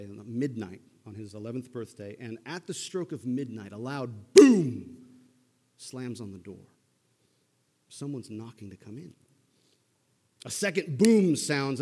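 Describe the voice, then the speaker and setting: A male pastor preaching in an easy, conversational manner, pausing to check that listeners follow. His mid-range voice carries a long reverb from a big hall. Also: mid-range voice, a little mellow. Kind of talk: sermon.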